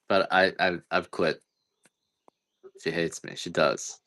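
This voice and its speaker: In a deep, fairly bright voice, a coffee seller chats a little slowly on his casual livestream. He wanders from topic to topic and pokes fun at himself.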